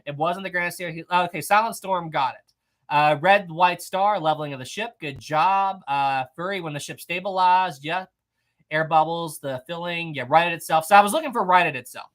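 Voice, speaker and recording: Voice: mid-range voice, moderate pace, a bit bright. A live-stream trivia host who reads out viewers' answers in casual chat, upbeat, laughing often and repeating praise and questions.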